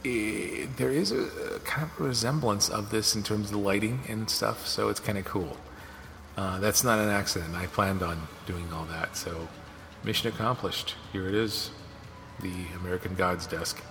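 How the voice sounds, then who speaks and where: A man's voice: lowish voice, normal speed, gravelly, a little hiss or hum. A man hosting his own podcast, telling stories casually and acting out what other people said. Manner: animated, acts out quoted dialogue. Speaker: podcast host. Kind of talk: casual storytelling monologue. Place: home office studio. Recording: long reverb with music behind.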